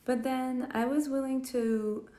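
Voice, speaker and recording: A woman's voice: high voice, fairly even intonation, measured pace, mellow, roomy sound. A woman vlogger casually roasting a film while she draws, rambling and sarcastic, with lots of fillers. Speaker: vlogger reviewing films while drawing.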